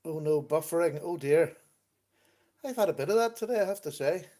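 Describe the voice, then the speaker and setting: A man's voice: on the high side, lively intonation, brisk, dark tone. A man hosting a casual livestream from his computer at home, chatting, laughing often and reading out viewer comments. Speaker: livestream host. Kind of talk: casual chat.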